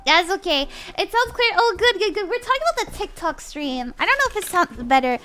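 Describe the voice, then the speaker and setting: A woman's voice: very high voice, sing-song, fairly quick, bright, forceful tone, soft background music. A young woman reading tarot on a live stream in a bubbly, giggly put-on voice, often flustered and apologetic. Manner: bubbly, giggly, flustered while fixing audio.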